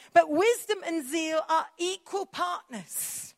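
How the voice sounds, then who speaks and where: Passionate high-voiced woman preacher. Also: measured pace. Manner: passionate, emphatic preaching with repetition. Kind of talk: sermon.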